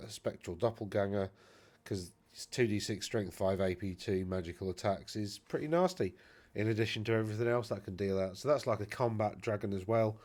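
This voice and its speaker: Brief: male host with a lowish voice, loose and chatty, lots of ums and self-corrections while breaking down tabletop lists. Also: a little mellow. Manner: rambling, chatty, self-correcting with many fillers. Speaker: wargaming channel host. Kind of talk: casual commentary on tournament army lists.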